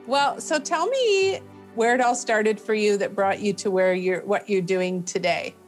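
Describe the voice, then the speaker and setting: A woman's voice: mid-range voice, measured pace, faint music behind. A woman hosting a podcast interview, chatty and gushing with enthusiasm. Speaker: podcast host. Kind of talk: interview conversation.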